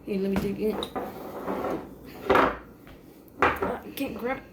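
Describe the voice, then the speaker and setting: A woman voicing a clumsy boy who whines, yells and cries easily. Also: medium pitch, heavy background noise, close to an everyday voice. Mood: whiny. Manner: whiny, quick to yell and cry. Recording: background music. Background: music.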